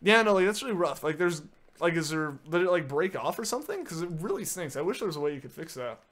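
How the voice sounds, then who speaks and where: Talking fast in a high-ish, sing-song, slightly bright voice, a man chats casually while streaming a game. He answers viewer messages, dropping plenty of "like"s and other fillers and often starting sentences over.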